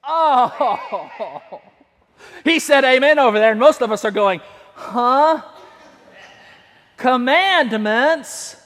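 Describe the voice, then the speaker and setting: A man preaching a sermon, animated and leading call-and-response with his congregation in a church. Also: very high-pitched, takes it slowly. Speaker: pastor. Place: church sanctuary. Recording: long hall reverb.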